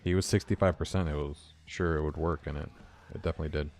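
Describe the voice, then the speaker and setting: A young man from California chats loosely with his live-stream viewers while writing code. His voice sits very low with a gravelly fry. He laughs easily as he talks, and soft guitar music plays faintly behind him. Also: fairly even intonation, fast talker. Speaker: game developer streaming. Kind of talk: casual live-stream chat while coding.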